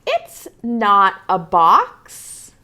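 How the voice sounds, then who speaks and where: A woman voicing a small, stubborn male bunny who insists on every word, slow and emphatic. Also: mid-range voice, wildly swooping pitch, pushed and bright, exaggerated voice. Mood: insistent.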